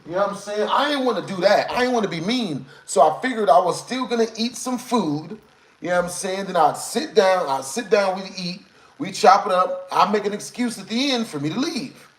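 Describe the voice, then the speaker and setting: A man tells a long, rambling story to his live chat, leaning on slang and repeating the same filler phrases. His voice sits a little high. The room around him sounds echoey. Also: expressive, brisk. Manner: rambling, repeats "you know what I'm saying". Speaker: streamer.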